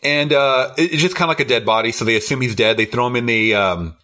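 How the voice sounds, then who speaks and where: Quick, bright and forceful, a man's mid-range voice drives a casual podcast chat about a horror movie. As co-host, he rambles through the plot, swears constantly and laughs while replaying scenes.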